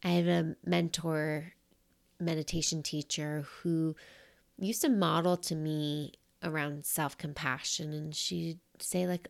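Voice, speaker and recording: A middle-aged woman shares thoughts on self-compassion in a low, heavily gravelly voice. She talks at a very unhurried pace, gentle and quiet, sometimes slipping into a whisper. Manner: soft and unhurried, at times dropping to a whisper. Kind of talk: reflective talk on self-compassion.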